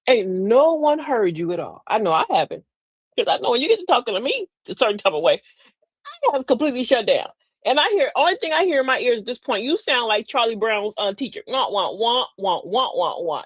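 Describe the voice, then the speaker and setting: Female live-stream host; folksy, preachy delivery, fairly high voice, dry close mic. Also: no echo. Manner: folksy and preachy, addresses listeners as beloved, laughs often. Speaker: host of a live talk show. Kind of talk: live-stream talk with viewer shout-outs.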